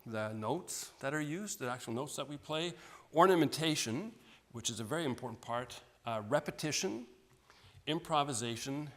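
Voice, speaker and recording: A man's voice: mid-range voice, expressive, normal speed. A man giving an informal, friendly music lecture, self-deprecating and often restarting his sentences. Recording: long hall reverb.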